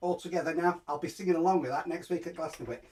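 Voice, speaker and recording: A man's voice: a little high, rapid-fire, darkish tone, distant mic. A man hosting a live music show, chatting casually, laughing often and stumbling over fillers and restarts. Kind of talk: casual live-stream chat. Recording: guitar playing behind the voice. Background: guitar music.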